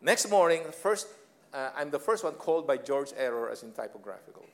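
A man's voice: mid-range voice, expressive, a little fast, crowd noise. A man in his sixties with a Filipino accent, giving a humorous motivational talk on leadership. He tells personal stories with theatrical flair, chuckles at his own jokes and slips into Tagalog phrases. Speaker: speaker on leadership.

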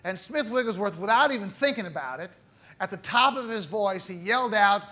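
High-voiced, bright preaching man. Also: lively intonation, fairly quick. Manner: dramatic, swings from loud emphasis to hushed low phrases. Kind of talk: sermon.

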